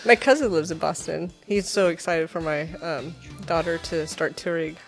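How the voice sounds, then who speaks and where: A woman's voice: low-pitched, normal speed, faint music behind. A woman from South Dakota raised in the American South, co-hosting a podcast in a chatty, playful way and laughing often. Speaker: podcast co-host. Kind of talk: casual chat.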